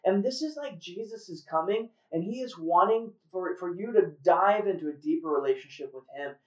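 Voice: medium pitch, expressive, moderate pace. Earnest host, casual testimony, filler words, roomy echo, distant mic.

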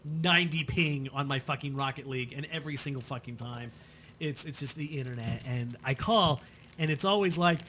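A man's voice: medium pitch, normal speed, slight background noise. A man co-hosting a podcast, ranting in casual chat and swearing often. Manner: animated, swearing rants. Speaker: podcast co-host.

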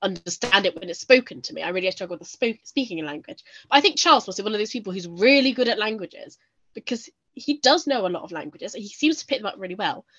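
Casting note: British woman, bright and forceful voice, playful co-host, slightly dull lo-fi audio. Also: medium pitch, quick pace, husky. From United Kingdom. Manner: lively, jokey, acts out quoted voices. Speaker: podcast co-host. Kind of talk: casual chat.

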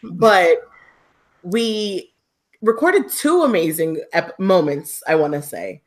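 A woman co-hosts a live podcast in upbeat, excitable chat. Her voice sits a bit low, and she laughs easily as she talks. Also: slow pace. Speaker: podcast co-host. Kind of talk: casual live-stream chat.

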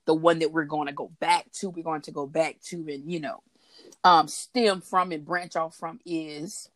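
A woman's voice: low-pitched, steady tone, moderate pace, no echo, clean studio sound. A woman co-hosting a faith talk broadcast, chatty and laughing often as she talks. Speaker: podcast co-host. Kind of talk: casual faith talk chat.

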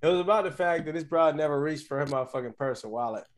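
A man co-hosting a casual podcast, swearing freely as he tells stories in an animated way. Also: a little high, fast. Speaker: podcast co-host. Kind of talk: casual chat.

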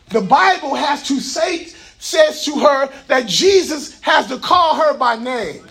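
A male pastor preaching a sermon in a fervent call-and-response style, often shouting and coaxing the congregation with folksy asides. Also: very high-pitched, animated, takes it slowly, gravelly, hardly any pauses, low-quality recording. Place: church sanctuary with congregation.

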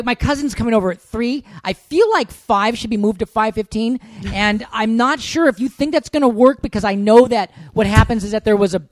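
A woman's voice: a little high, no room sound, voice pushed up, close to an everyday voice. A woman imitating a rambling woman who leaves a long, run-on voicemail. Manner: babbling, run-on.

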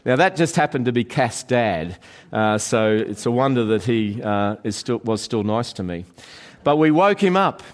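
A man's voice: mid-range voice, expressive. Earnest preacher man. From Australia. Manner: earnest, slows and softens on key phrases. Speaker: pastor. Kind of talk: sermon.

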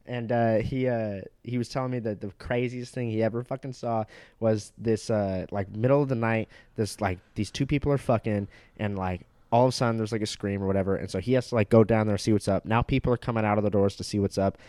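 A man's voice: on the low side, steady tone, quick pace, mellow, dry recording. A young man in his twenties rambling through a crude story in casual chat, laughing along as he talks.

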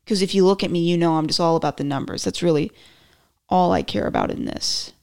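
A woman's voice: on the low side, a little fast, vocal fry, darkish tone. A woman hosting her own podcast, chatting through political commentary in a rambling, self-mocking way with joking asides. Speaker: podcast host.

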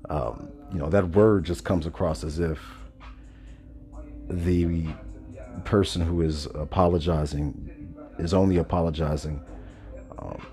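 A man hosting a casual monologue podcast, stoned, talking slowly and loosely with many pauses and self-corrections. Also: low-pitched, dark tone. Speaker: podcast host. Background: faint background music.

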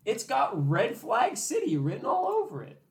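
A woman's voice: a little high, normal speed, creaky. A young woman chatting casually about a book, swearing and acting out the characters' lines. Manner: animated, swearing, mock-quotes characters. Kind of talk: casual podcast chat.

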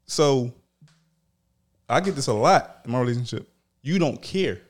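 A man's voice: mid-range voice, lively intonation, measured pace. A man co-hosting a podcast, speaking plainly and bluntly, often chiming in with short agreement. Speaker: podcast co-host. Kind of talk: candid podcast conversation.

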